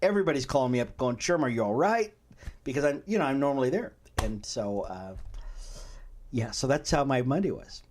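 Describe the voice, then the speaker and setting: A man's voice: mid-range voice, lively intonation, a little fast, darkish tone. A middle-aged man hosting a podcast, chatting casually and telling stories with frequent laughs. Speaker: host.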